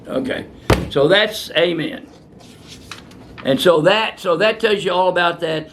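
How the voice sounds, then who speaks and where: An older man with a gravelly, rather high voice rants bluntly and with plenty of profanity while answering viewer questions as a physician. His delivery is fiery and unscripted, and a faint noise sits underneath it. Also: lively intonation, moderate pace, pauses often, fairly bright tone.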